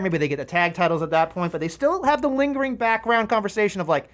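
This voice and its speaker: A man in casual podcast chat about wrestling, animated and acting out quoted voices. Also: sits high, fast talker, few pauses.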